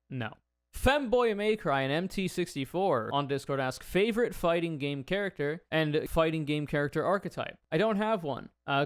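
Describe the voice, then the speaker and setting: A man's voice: mid-range voice, clear, resonant tone, no room sound, studio quality. A young man hosting a casual viewer Q&A, talking in a blunt, laid-back way with frequent swearing and rambling asides. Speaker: YouTuber answering viewer questions. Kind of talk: casual Q&A monologue.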